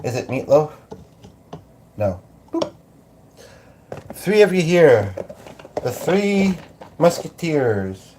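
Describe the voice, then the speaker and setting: A man's voice: a little high, very animated, extremely slow, pauses often, background noise. A man from Canada hosting a casual livestream chat, playful and chatty, slipping into little sung bits. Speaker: livestream host.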